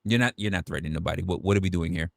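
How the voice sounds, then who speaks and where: A man's voice: sits low, racing, creaky, no room sound, clean studio sound. A young man from New City, ranting animatedly and jokingly on a livestream. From New York City. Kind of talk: casual livestream rant.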